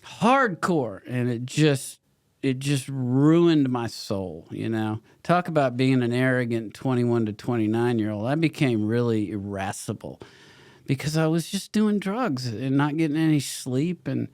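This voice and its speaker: A man's voice: medium pitch, measured pace, a little mellow, no room sound, clean studio sound. A middle-aged man, a podcast guest and actor, telling his story candidly, swearing freely and laughing between stories.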